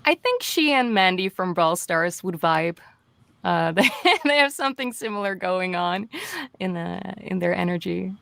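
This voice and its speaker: Gravelly laid-back woman. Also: lowish voice, lively intonation, measured pace, a bit bright, dry recording. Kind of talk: casual stream chat.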